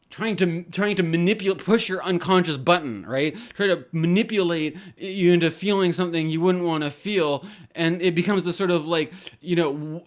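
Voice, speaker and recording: A man hosting an astrology channel, talking in a casual rambling monologue with many restarts and casual swearing. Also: a little high.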